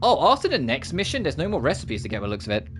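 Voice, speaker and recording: A man's voice: fairly high pitch, huge pitch swings, very fast, a bit bright. A man streaming games, chatting casually at the end of a session and wandering off on tangents. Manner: rambling, full of self-corrections and asides.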